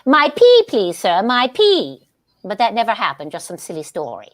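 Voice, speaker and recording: A woman's voice: mid-range voice, huge pitch swings, normal speed. A woman giving a staged play reading as a scatterbrained, grandly theatrical aging stage actress who giggles often.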